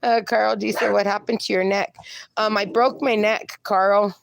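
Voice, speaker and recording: A woman's voice: mid-range voice, level tone, moderate pace, vocal fry, no echo, clean studio sound. A woman, hosting a casual live stream and reading viewers' comments aloud in a chatty, affectionate way. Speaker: livestream host.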